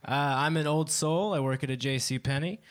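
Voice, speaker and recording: A man's voice: fairly high pitch, fairly quick, very noisy. A man in his twenties doing a stand-up set on a club stage, often laughing at his own jokes. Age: 20s. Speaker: stand-up comedian.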